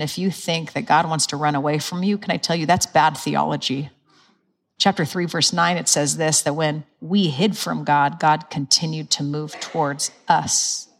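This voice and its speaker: A woman's voice: low voice, steady tone, normal speed. A woman preaching a sermon in a church, earnest, asking the crowd questions and laughing at her own slips.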